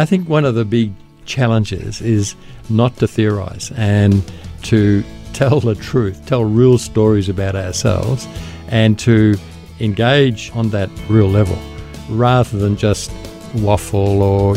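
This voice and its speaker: A lowish, mellow man talks earnestly about his own experience as a radio guest. His voice has a gravelly edge, and faint music plays softly under him. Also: steady tone, a little slow. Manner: earnest, thoughtful. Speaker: guest, ministry founder. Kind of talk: reflective radio conversation.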